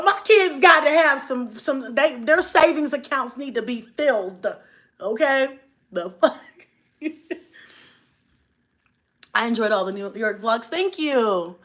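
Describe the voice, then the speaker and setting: A woman's voice: high-pitched, a bit bright. A young woman, chatting bluntly and profanely on a live stream and laughing often. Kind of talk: casual live-stream chat.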